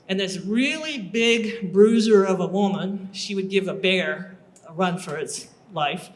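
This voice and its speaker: A woman telling a humorous personal story live on a bar stage, animated and acting out her own part. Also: medium pitch, measured pace.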